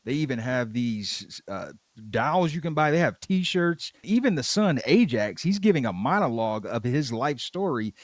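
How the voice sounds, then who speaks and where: A man's voice: mid-range voice, expressive, normal speed, no echo. A man co-hosting a podcast who recaps a cartoon episode in a laid-back way, with dry jokes about the plot. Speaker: podcast co-host.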